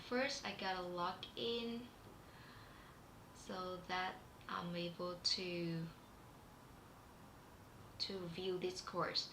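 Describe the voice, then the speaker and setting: A woman's voice: fairly low pitch, level tone, very slow, pauses often. A woman with a Vietnamese accent teaching a live online class, chatty and full of fillers and restarts. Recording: echoey room with faint background hum.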